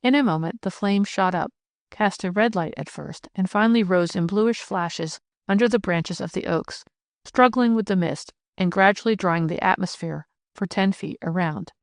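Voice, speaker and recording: A woman narrating a classic novel as an audiobook in a steady, measured reading. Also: mid-range voice, no room sound, studio quality. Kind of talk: scripted narration.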